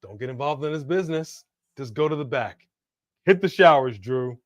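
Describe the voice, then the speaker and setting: Male stream co-host, excitable play-by-play, dry close mic. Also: medium pitch, moderate pace, no room sound. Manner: animated, reacts to the action and reads super chats aloud. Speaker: watch-along co-host. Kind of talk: casual live-stream commentary.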